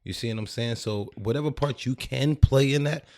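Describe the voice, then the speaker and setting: A man's voice: medium pitch, normal speed, darkish tone. A man co-hosting a casual podcast, joking and teasing in a laid-back drawl. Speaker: podcast co-host. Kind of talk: casual chat.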